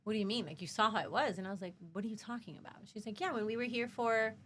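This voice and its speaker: A woman with a voice that sits a little high tells stories from her working life in a relaxed podcast chat. She acts out what everyone said, swears freely, and talks with lots of energy. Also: very fast, slight background noise. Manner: animated, acts out quoted dialogue, swears freely. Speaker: podcast guest, hospitality worker. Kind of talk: casual conversational storytelling.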